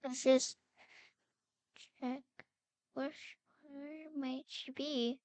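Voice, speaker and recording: A woman's voice: sits high, fairly even intonation, drawn-out words, darkish tone, no room sound. A young woman narrating her character in a role-play game, anxiously calling out while she searches for her missing sister.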